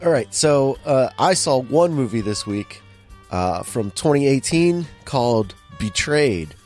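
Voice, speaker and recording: A man's voice: medium pitch, expressive, unhurried, darkish tone, soft background music. Upbeat male podcast host. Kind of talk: casual film podcast chat.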